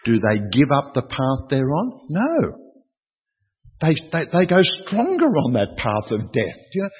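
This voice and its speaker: Husky male preacher in an echoey hall. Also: on the low side. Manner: emphatic, repeats key phrases and asks rhetorical questions. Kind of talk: sermon. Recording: tinny, echoey hall with long reverb.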